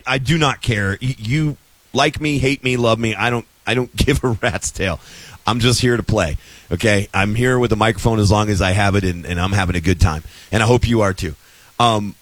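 A man's voice: medium pitch, fairly bright tone, no room sound, poor audio. A man telling a story in a casual, exasperated rant, with sarcastic asides, as a host at the mic.

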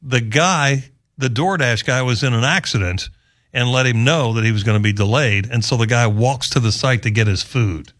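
At a normal speed, this radio host's medium-pitched, slightly bright voice rambles casually through strange news items. He's chatty and joking, prone to drifting off into asides.

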